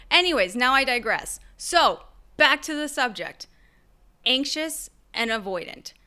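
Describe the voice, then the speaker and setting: Bright, chatty woman podcaster. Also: a little high. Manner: chatty, animated, acts out people with playful quoted voices. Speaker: podcast host. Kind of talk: casual solo podcast talk.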